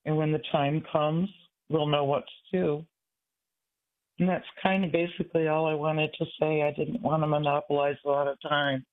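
A man in his sixties from Michigan, calling in to a radio show, talking in an earnest, halting, rambling way. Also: fairly high pitch, flat delivery. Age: 60s. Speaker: caller. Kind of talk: call-in radio talk. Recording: tinny phone line.

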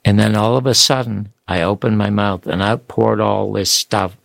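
An older man tells his stories in an animated, rambling way. His voice has a gravelly edge, and the sound is dry and close, with no room around it. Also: on the low side, moderate pace, no room sound. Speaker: guest author. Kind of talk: storytelling interview.

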